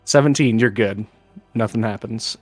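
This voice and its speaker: A man's voice: lowish voice, normal speed, faint music behind. A man playing a tabletop game, thinking aloud about his moves with many fillers. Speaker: player.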